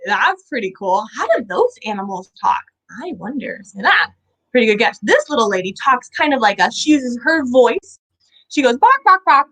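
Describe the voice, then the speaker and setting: A young woman hosting a live kids' lesson with animals, bubbly and full of questions for viewers, her voice a little hoarse. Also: fairly high pitch, a bit bright, rough recording. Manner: bubbly, asks viewers questions, sing-song sound effects. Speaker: children's animal educator.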